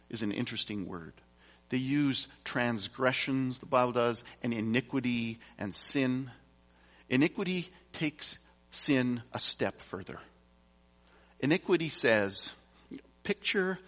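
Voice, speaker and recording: Guy preaching, reads verses then chats about them, mid pitch, long echo off a big hall. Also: a bit bright. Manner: conversational, with casual asides between verses. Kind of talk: sermon with scripture reading. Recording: long reverb from a large hall.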